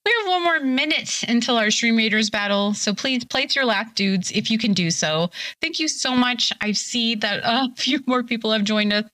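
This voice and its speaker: A woman's voice: on the high side, normal speed, hardly any pauses, bright, forceful tone, dry recording. A young woman streaming live, a little tipsy, chatting casually and bubbly as she reads her chat aloud.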